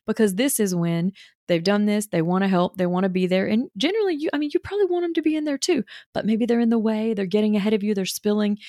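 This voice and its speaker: Woman, parenting mentor, casual teaching, gravelly fry, dry close sound, chatty with fillers. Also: mid-range voice, darkish tone, no room sound. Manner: chatty, full of examples, frequent "you know" fillers; acts out what a child or mother might say.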